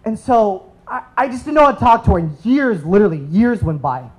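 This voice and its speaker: Animated self-deprecating male storyteller. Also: very high-pitched, quick pace, few pauses, poor audio. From United States. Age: 30s. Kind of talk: live comedic storytelling. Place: stage at a live story slam.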